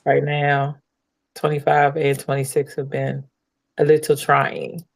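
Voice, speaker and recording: A woman's voice: a bass voice, monotone, measured pace, gravelly. A woman hosting a casual podcast, laughing easily and speaking about faith and gratitude. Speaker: podcast host.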